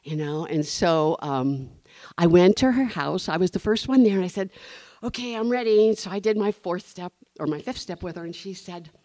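A woman's voice: fairly low pitch, moderate pace, no echo, studio quality. A woman speaking to a recovery meeting, telling her story expressively and acting out the people in it. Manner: expressive storyteller, acting out quoted voices, laughing often. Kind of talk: personal testimony to a group.

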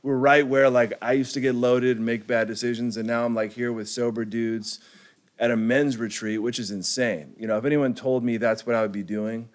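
A young man from California tells his own story to a group in a relaxed, slangy way. He fills his talk with "like" and "you know" and chuckles often. His voice sits at an ordinary pitch for a man. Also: moderate pace. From California, United States. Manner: laid-back slangy storytelling, heavy on "like", chuckling. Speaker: recovery speaker sharing his story. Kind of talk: personal testimony to a group.

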